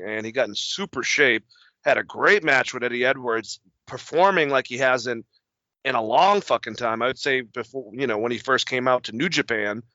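Animated swearing man on a podcast. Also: medium pitch, dry recording, highs cut off. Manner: animated, swears a lot, rambling. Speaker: podcast host. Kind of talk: casual wrestling talk.

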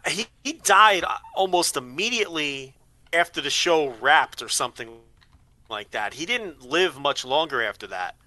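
Male co-host, slightly high, bright tone, loose rambling delivery. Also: animated, normal speed, no echo. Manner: rambling, repeats words while thinking. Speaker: podcast co-host. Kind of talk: casual chat.

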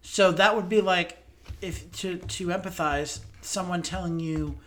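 Earnest co-host, casual chat, mid-pitched voice, frequent restarts. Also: fairly even intonation, a little slow, a bit bright. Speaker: podcast co-host. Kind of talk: casual discussion.

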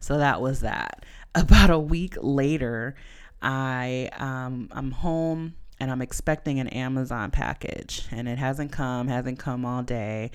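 Smooth-voiced woman telling a story. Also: extremely low pitch, slow. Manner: chatty, animated, heavy use of "like" and "you know". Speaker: podcast host. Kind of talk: casual storytelling monologue.

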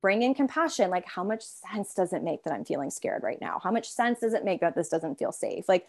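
A woman's voice: on the low side, sing-song. A woman therapist talking casually in an interview, filling her speech with "like" and briefly voicing her own inner parts. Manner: chatty, heavy use of filler "like"; voices her inner parts in quick asides.

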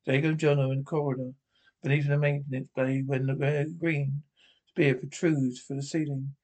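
A man's voice: medium pitch, level tone, moderate pace, darkish tone. A man reading a scripted description of a TV episode aloud, naming each speaker before the line. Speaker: audio describer.

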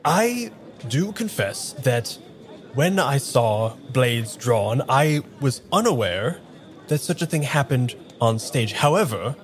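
A man voicing a proper, awkward Regency military gentleman, speaking in halting, formal phrases in a tabletop role-play. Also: medium pitch, animated. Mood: disapproving.

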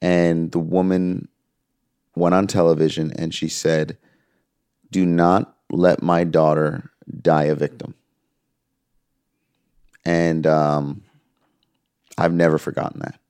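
Deep-voiced man telling an emotional story. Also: slow pace, long pauses, smooth, no room sound. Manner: earnest, quotes others in lively voices. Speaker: music manager, interview guest.

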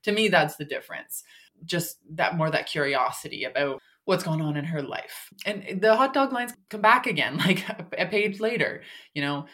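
Brief: young woman podcast co-host, low voice, loose chatty critique with many fillers. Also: expressive, moderate pace, a bit bright. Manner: rambling, filler-heavy, lots of "like" and "you know". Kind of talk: casual critique chat.

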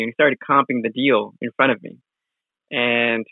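A man's voice: mid-range voice, fairly even intonation, moderate pace, creaky, dry recording. A man recounts a story in an easygoing, rambling way, full of restarts. His voice comes through thin and tinny, like a phone line, with no room sound. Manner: rambling, many fillers and restarts. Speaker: guest, real estate wholesaler. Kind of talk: casual storytelling interview.

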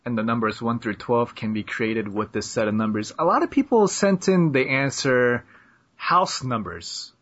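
Young dude hosting a podcast, lots of uh and like, kinda dull lo-fi audio. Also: male voice, mid-range voice, animated, normal speed, a bit bright. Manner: loose and joking, lots of "uh" and "like". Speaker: podcast host. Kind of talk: casual chat. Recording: slightly muffled lo-fi audio.

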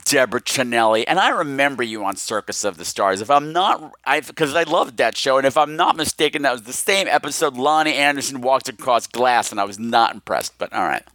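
A man's voice: medium pitch, animated, brisk, few pauses, sharp tone, dry recording. A man hosting a podcast, talking in a campy, teasing, theatrical monologue. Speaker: podcast host.

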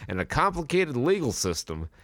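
A man's voice: on the high side, very animated, normal speed, a bit bright, no room sound, clean studio sound. A man co-hosting a podcast, chatting casually, reading a synopsis aloud and joking with crude language. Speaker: podcast co-host. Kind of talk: casual chat.

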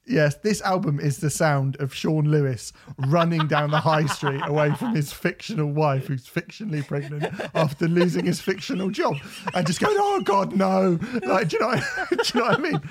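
A man co-hosting a podcast, telling animated stories in casual chat, swearing and laughing often. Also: on the high side, brisk, few pauses, slightly rough. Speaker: podcast co-host.

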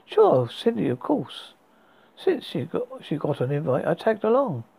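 A husky man reading a friendly middle-aged man who keeps chatting eagerly with an old classmate. The voice is gravelly and mellow. He speaks in a storybook reading. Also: a little high, huge pitch swings, measured pace, full character voice.

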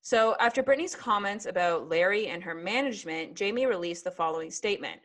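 Chatty sassy woman hosting a podcast, mid pitch, swears a lot. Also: a little fast. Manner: sassy, swears freely, animated storytelling. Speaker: podcast host. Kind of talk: casual chat.

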